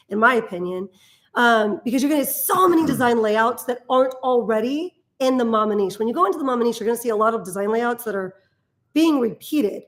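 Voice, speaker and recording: A woman with a somewhat high voice talks through a live stream in a relaxed, chatty way. She explains step by step, restarts her sentences now and then, and laughs easily. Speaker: host. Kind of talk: casual live-stream teaching.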